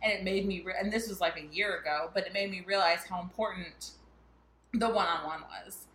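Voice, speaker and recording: Bright, chatty mom in a roomy space. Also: female voice, lowish voice, fairly quick, a little hiss or hum. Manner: chatty storyteller, laughs often. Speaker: podcast co-host. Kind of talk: casual chat.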